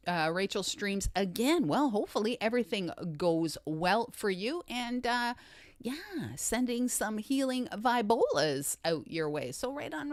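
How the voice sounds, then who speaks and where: A woman hosts a casual livestream, greeting viewers one by one in an upbeat, chatty way. Her pitch rises and falls in a lively, animated way while she keeps an unhurried pace. The sound is dry and close, with little room around it. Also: dry recording. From Canada. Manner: upbeat, greets viewers by name, repeats catchphrases. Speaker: livestream host.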